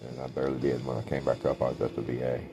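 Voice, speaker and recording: A man talking in a meandering spiritual monologue, trailing off with many pauses, as a self-described clairvoyant. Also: extremely low pitch, flat delivery, vocal fry, over music.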